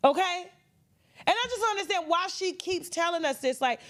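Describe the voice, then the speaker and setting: Animated, high-voiced woman gossip commentator. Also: fairly quick. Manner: dramatic, mimics others in shifting voices.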